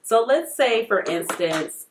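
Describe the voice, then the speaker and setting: A woman's voice: fairly high pitch, animated, takes it slowly, a little hiss or hum. A woman in her thirties chatting and rambling through stories while doing her makeup at home for a beauty vlog. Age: 30s. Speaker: beauty vlogger.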